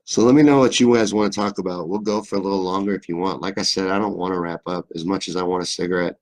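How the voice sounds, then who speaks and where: A man's voice: low voice, steady tone, fast. A young man with a faint Southern US accent, hosting a live stream and chatting loosely through viewer comments, joking and swearing freely as he rambles. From Kentucky, USA. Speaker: livestream host. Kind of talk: casual live-stream chat reading comments.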